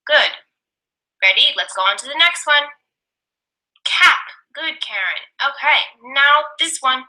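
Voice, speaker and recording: A young woman demonstrating a reading lesson, sounding out words slowly and repeating them for a student. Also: high voice, lively intonation, bright, forceful tone, poor audio. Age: young adult. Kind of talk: slow, deliberate teaching demonstration.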